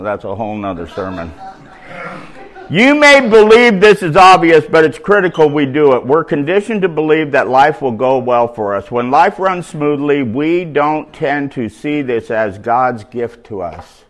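A man with a medium-pitched voice preaches a sermon, reading scripture and breaking into loud, animated, conversational asides that peak in shouts.

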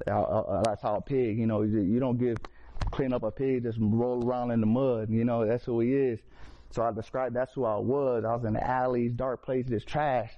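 A man's voice: mid-range voice, fairly even intonation, normal speed. A man telling his personal faith testimony in casual storytelling, earnest, with street slang and frequent restarts. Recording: slightly dull lo-fi recording.

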